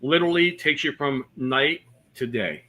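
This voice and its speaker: Interview guest: a man with a bright, forceful voice, a comic storyteller. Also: mid-range voice, moderate pace. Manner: storytelling with jokes and many fillers. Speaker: comedian guest. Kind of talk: casual interview chat.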